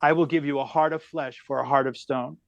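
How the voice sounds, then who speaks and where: A man's voice: medium pitch, fairly quick, creaky, dry recording, muffled recording. A middle-aged comedian telling a long personal story on a podcast, changing speed often as he goes. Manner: animated storyteller who shifts pace a lot. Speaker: guest comedian.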